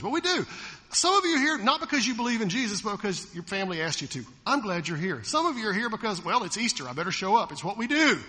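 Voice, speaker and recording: A man's voice: sits high, long reverb tail. A man preaching a sermon to his congregation in a church, questioning them and acting out voices. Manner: animated, acts out quoted voices, asks the congregation questions. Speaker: pastor. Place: church sanctuary.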